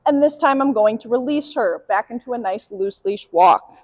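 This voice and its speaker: A young woman dog trainer calmly explaining leash and obedience drills during a demonstration. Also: normal speed, no echo. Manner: calm explanatory, sharp high commands to the dog. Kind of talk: instructional dog training demo.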